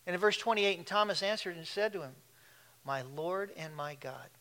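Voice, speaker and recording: Man, pastor preaching, animated, laughing asides, fairly high voice. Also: normal speed. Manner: animated, laughing asides, shifts between loud and hushed. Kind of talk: sermon.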